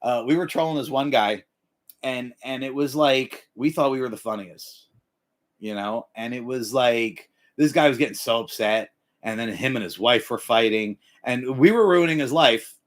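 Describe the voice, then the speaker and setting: A middle-aged man hosting a livestream, giving profane, animated life advice and breaking into yelled impressions. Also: mid-range voice, normal speed. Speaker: livestream host. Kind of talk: profane motivational rant.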